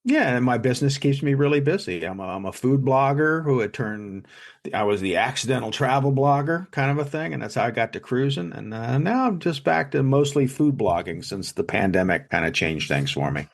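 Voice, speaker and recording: A man's voice: medium pitch, lively intonation, fairly quick, vocal fry. A man, a chef and food blogger, chatting as a guest, telling stories in a rambling way full of fillers and restarts. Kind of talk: casual storytelling in an interview. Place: lives in South Jersey.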